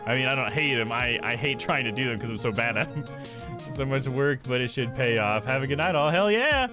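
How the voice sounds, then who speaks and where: A man's voice: mid-range voice, animated, a little fast. A man streaming a game live, chatting casually with viewers, with laughing asides and swearing. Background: game music.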